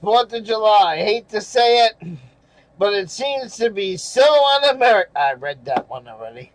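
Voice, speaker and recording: A man's voice: high voice, animated, moderate pace, low-quality recording. A man hosting his channel, reading viewer comments aloud and ranting about them in angry, profane, sarcastic casual commentary, with chuckles in between.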